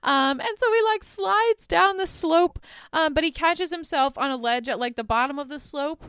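A young woman casually recapping a film's plot, animated and profane, with lots of filler words. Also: high voice, dry recording, clean studio sound. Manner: animated, swearing, many "like"s and "um"s; acts out characters' lines in quick voices. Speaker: podcast host.

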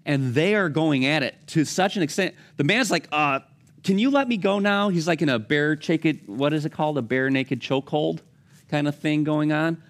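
A man's voice: a little high, moderate pace. A man preaching a conversational sermon, acting out the lines of the people in his stories. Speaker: pastor.

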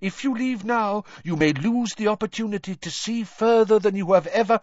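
A man reading as an excitable, theatrical woman seer from a storybook, high and airy, her voice changed from his own. She presses on in grand dramatic tones. The recording is dull and dry. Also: normal speed, no room sound, close to an everyday voice. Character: eager, dramatic older woman seer teacher.

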